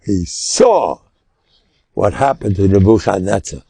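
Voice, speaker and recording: An older man, a rabbi, teaching a lesson through lively storytelling, with Hebrew and Yiddish words mixed in. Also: lowish voice, a little slow, no echo.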